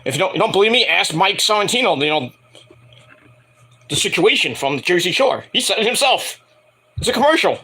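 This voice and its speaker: Male wrestling reviewer, high bright voice, swings all over, rambling and foul-mouthed. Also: big pitch swings, a little fast, long pauses, breathy edge. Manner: profane, rambling, mocking voices in quotes. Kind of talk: casual ranting review.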